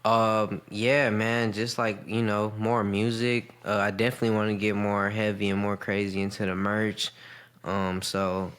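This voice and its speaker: A man from Arizona with a somewhat low voice tells stories on a podcast. He is laid-back and casual, and he swears freely as he talks. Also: flat delivery, moderate pace, a bit bright, clear, resonant tone. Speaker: rapper guest. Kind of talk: casual storytelling.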